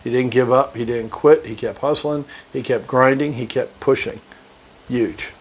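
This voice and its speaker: A man's voice: medium pitch, fairly even intonation, normal speed, breathy edge. Give me a brash, fired-up man reading aloud and ranting with lots of swearing. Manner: brash, profane, fired-up, laughs often. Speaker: reader and commentator. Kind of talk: reading aloud with profane motivational commentary.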